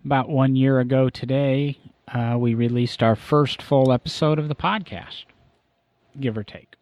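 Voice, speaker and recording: A man's voice: mid-range voice, fairly even intonation, moderate pace, a little mellow, no room sound. A man hosting a casual car podcast, talking in a rambling, easygoing way with frequent self-corrections. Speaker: podcast host.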